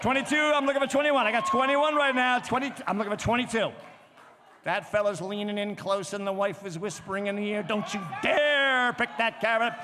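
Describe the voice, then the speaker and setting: High-voiced man calling a lively auction. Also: a faint crowd. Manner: rapid, joking, calls bids out loud. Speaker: charity auctioneer. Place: gala event venue, indoors. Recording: reverberant event space, faint background noise.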